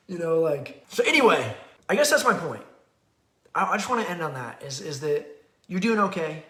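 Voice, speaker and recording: A man's voice: fairly high pitch, very animated, quick pace, sharp tone. A middle-aged man hosting a parenting show, talking in a candid, rambling way and acting out little quotes. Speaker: podcast host and parenting author. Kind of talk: casual rambling talk. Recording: echoey room.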